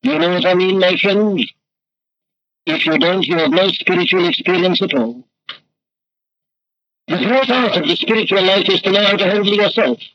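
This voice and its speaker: A man's voice: sits high, moderate pace, long pauses, dry recording. A man preaching a sermon in an emphatic, rhetorical way, his voice swelling and dropping. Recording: dull lo-fi archival recording with faint noise.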